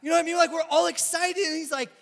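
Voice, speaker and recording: A young man giving a casual youth sermon, chatty and animated, telling stories and reading scripture. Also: very high voice, fast talker, vocal fry. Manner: animated, chatty, lots of "like" and "bro". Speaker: youth pastor. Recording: echoey hall reverb.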